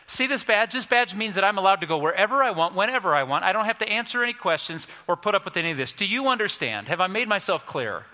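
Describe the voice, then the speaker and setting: A man's voice: fairly high pitch, sing-song, very fast, few pauses, sharp tone, in a large hall, exaggerated voice. A man voicing an arrogant, self-important federal drug officer in a sermon story. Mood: indignant.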